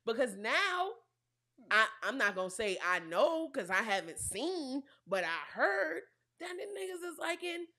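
A woman's voice: high-pitched, big pitch swings, a little slow, pushed and bright. A woman co-hosting a casual reaction chat, playful and teasing, laughing often. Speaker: podcast co-host.

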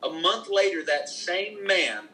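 Animated man telling a faith testimony. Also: high voice, takes it slowly, rough recording. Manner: animated storytelling, emphatic. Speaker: minister, podcast guest. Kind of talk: conversational preaching testimony.

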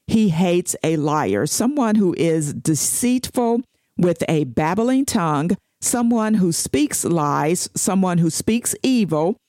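Slow, deliberate woman reading scripture. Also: on the low side, lively intonation, dark tone, dry recording, clean studio sound. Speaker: Bible teacher. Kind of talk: devotional Bible teaching.

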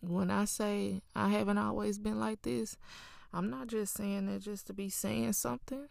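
A woman's voice: medium pitch, fairly even intonation, moderate pace, vocal fry, a little mellow, dry recording, studio quality. A woman preaching her own testimony with fervent feeling, repeating phrases for emphasis and calling listeners "child" and "honey". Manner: laughs between lines.

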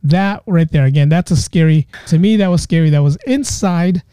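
A man's voice: fairly high pitch, normal speed, warm tone, clear, resonant tone, dry recording, studio quality. A man hosting a podcast, talking casually and rambling with frequent restarts. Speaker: podcast host. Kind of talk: casual monologue.

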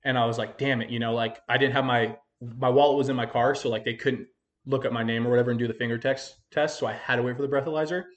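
A man's voice: medium pitch, steady tone, fast, highs cut off. Young male podcast host, mid-range voice, loose profane storyteller. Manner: rambling, profane, full of "like". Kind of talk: casual storytelling chat.

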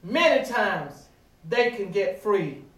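Roomy, distant preacher man with pauses. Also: high voice, very animated. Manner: drawn-out dramatic pauses, rising to shouts. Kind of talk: sermon with call-and-response. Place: church sanctuary. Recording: echoey room, voice from afar.

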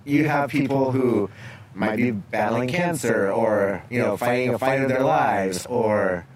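A man, a makeup artist and podcast guest, telling a story in a lively, conversational way. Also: medium pitch, a little slow, over a noisy crowd. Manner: animated storyteller acting out quotes. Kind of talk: casual storytelling chat.

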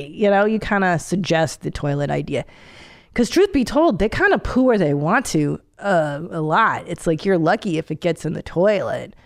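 A woman's voice: lowish voice, very animated, moderate pace, vocal fry. Forties woman hosting her show, swearing and laughing, blunt chat. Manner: blunt, profane, laughing often. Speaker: podcast host. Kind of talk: casual comedic monologue.

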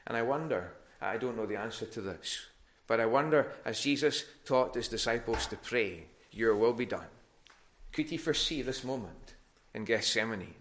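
A man's voice: mid-range voice, lively intonation, normal speed, a bit bright. A man preaching a sermon in a church, earnest and given to restarts, rising in force on his appeals. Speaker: pastor.

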